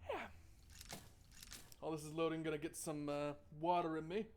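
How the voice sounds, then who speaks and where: A man's voice: fairly high pitch, level tone, normal speed, darkish tone. A man streaming a game, chatting with viewers in a joking, sarcastic way and reading the game's text aloud. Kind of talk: casual let's-play commentary, reading game text aloud. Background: faint game music.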